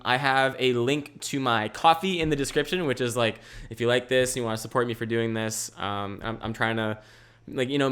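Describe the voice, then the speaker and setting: Young male podcast host, energetic and rambling, casual chat from home. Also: mid-range voice, smooth. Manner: rambling and energetic, laughs often.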